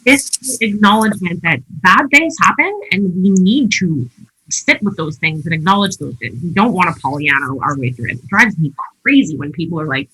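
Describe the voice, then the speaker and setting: A woman's voice: fairly low pitch, animated, normal speed, sharp tone, breathy edge, low-quality recording. A woman telling her personal story as a podcast guest, emphatic and candid, with frequent "like" fillers. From Canada.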